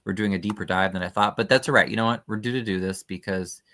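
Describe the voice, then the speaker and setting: A man's voice: fairly low pitch, steady tone, fast, bright, forceful tone. Skeptical man chatting on a livestream. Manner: skeptical, chatty, reads documents aloud with frequent fillers. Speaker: livestream host. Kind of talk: casual livestream commentary.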